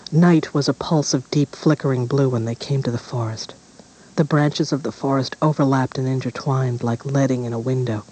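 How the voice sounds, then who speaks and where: A man narrating a dark fairy tale in a measured, deliberate storytelling manner. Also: mid-range voice, low-quality recording.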